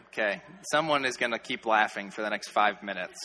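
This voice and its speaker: A man gives a casual, animated sermon, joking with his listeners as he walks through Bible verses. His voice is bright and forceful, and it rings out with a long reverb in a large hall. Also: on the low side, fairly quick, slight background noise. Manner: animated, joking, conversational with filler "like". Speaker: pastor or youth preacher. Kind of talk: sermon, expository Bible teaching.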